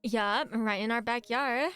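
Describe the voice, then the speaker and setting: A woman's voice: fairly high pitch, a little slow, a bit bright, smooth, dry recording, soft background music. A woman voicing a bossy teenage girl class rep with an occult streak, reading game dialogue aloud in a put-on Valley Girl voice. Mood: earnest.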